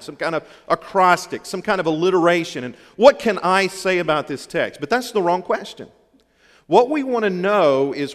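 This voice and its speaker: A man with a Southern US accent preaching a folksy, humorous sermon, with emphatic repetition to his congregation. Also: fairly high pitch. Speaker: pastor. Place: church sanctuary. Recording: long hall reverb.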